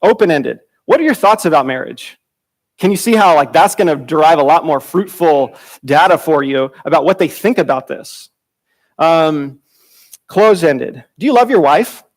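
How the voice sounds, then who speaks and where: Guy teaching a bible class at church, kinda high voice, chatty, restarts his sentences a lot. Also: expressive, moderate pace. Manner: conversational, repeats words, restarts phrases; acts out quoted dialogue with sudden pitch jumps.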